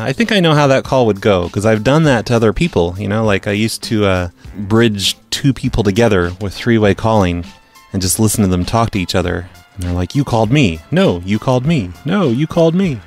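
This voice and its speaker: A man's voice: lowish voice, moderate pace, faint music behind. A man hosting a prank call podcast, talking casually with dry, sarcastic teasing.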